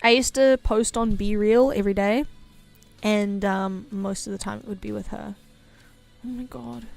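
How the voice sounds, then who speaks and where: A woman's voice: mid-range voice, fairly even intonation, moderate pace, vocal fry, a little mellow. A young woman chatting casually on a live stream while she draws, playful and giggly, sometimes slipping into a cooing baby voice. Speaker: livestreamer. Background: faint music.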